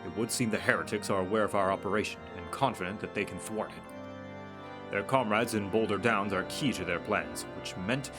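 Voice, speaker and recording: A man voicing a stern male inquisitor knight in a formal, measured manner. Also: on the low side, close to an everyday voice. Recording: game music under voice. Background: video game music.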